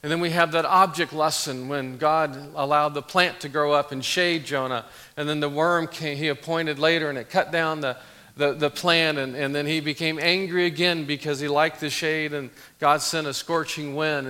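A man's voice: fairly high pitch, fairly even intonation, normal speed, pushed and bright, smooth. A middle-aged man, a pastor, preaching a conversational sermon, telling a story with chuckles before reading scripture.

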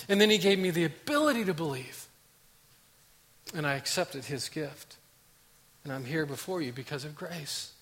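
A man delivering a sermon, his voice bright and sitting a little above the usual male range. He moves from loud, insistent preaching to quiet, hushed stretches. The sound carries the long reverb of a large hall, as in a church sanctuary. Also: on the high side, lively intonation, moderate pace, pauses often. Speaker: pastor.

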